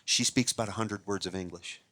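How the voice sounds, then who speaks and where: A man's voice: on the low side, a little fast, no room sound. A man from Northeast Ohio, a guest magician, telling stories in a podcast interview, restarting and repeating words as he goes. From Northeast Ohio, USA. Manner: animated anecdote-teller, repeats and restarts words.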